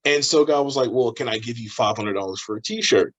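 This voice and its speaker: A man, a professional wrestler, telling a story in a casual interview, animated and laughing as he acts out the voices of the people in it. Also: mid-range voice, fairly quick, dull audio.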